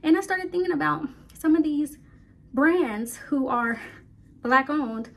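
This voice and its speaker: Young female vlogger, fairly high voice, rambling and breathless, calls viewers y'all. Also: lively intonation, gravelly. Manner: chatty, rambling, talks fast, addresses viewers as y'all. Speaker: hair care vlogger. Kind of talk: casual chat to camera.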